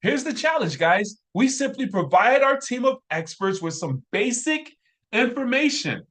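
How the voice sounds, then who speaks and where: A man giving an energetic, repetitive motivational sales training talk, hyping urgency. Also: very high-pitched, a little slow.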